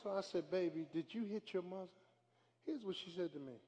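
A male pastor preaching a sermon in a church, moving from soft, quick storytelling to drawn-out shouted lines. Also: high-pitched, big-room sound, highs cut off, a little hiss or hum. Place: church sanctuary.

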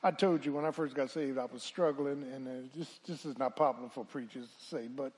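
A man pastor a sermon, swinging from hushed talk to loud calls and asking the congregation to answer back. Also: mid-range voice, a little fast, breathy edge. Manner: preaching with call-and-response, swelling from hushed to loud.

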